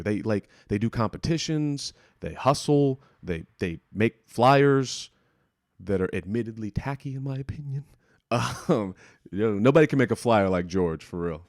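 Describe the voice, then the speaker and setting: A man's voice: on the low side, animated, moderate pace, a little mellow, dry recording, clean studio sound. A young man hosting a solo podcast, talking casually with lots of restarts, fillers and swearing. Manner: rambling, profane, frequent restarts and fillers. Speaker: podcast host.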